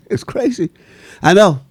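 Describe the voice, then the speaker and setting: A man telling stories as an interview guest, animated and laughing, acting out the voices of people in his stories. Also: sits high, takes it slowly, husky, no echo. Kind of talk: storytelling in a casual interview.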